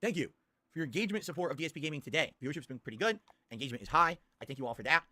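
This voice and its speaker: Excitable foul-mouthed male streamer. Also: fairly high pitch, racing, no room sound. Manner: crude, swearing, excitable, bursts into loud laughter. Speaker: live-stream host reacting to old ads. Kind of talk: casual live-stream commentary.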